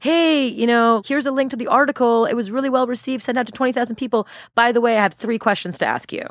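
A woman voicing an eager young woman student in her twenties, who asks a favor in a bright, chirpy way. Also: on the high side, fast talker, no room sound, clean studio sound, voice pushed up, natural voice.

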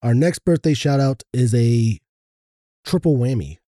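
A man co-hosting a podcast, easygoing, reading out listener shout-outs in casual chat. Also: medium pitch, measured pace, dry recording, studio quality. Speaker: podcast co-host.

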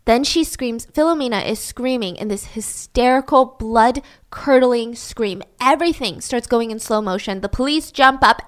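A woman's voice: a little high, moderate pace, few pauses. A woman recounting a true-crime story in a casual, chatty way, full of "like" fillers.

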